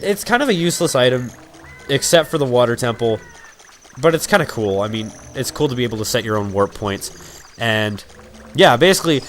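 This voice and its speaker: Young man rambling over game music. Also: medium pitch. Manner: rambling, crude, full of fillers. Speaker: let's play commentator. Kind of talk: casual gameplay commentary.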